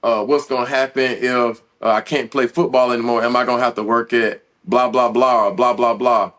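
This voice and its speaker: A man's voice: medium pitch, level tone, fairly bright tone. Earnest man telling a hard story. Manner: halting, earnest, frequent restarts and fillers. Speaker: podcast guest, former football player. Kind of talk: emotional personal storytelling.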